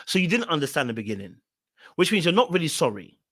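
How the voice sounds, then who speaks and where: Male reaction host, a little high-pitched, dry close sound, blunt and repetitive commentary. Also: big pitch swings, fast, fairly bright tone, dry recording. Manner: emphatic, blunt and repetitive, hammering points home. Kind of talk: reaction commentary on a reality show.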